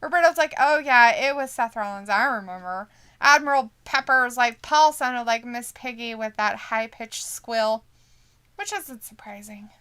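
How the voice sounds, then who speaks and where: A woman's voice: a little high, normal speed, bright, forceful tone, clean tone. A woman co-hosting a casual live watch-along stream, reading viewer comments aloud, laughing often and swearing casually. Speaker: stream co-host.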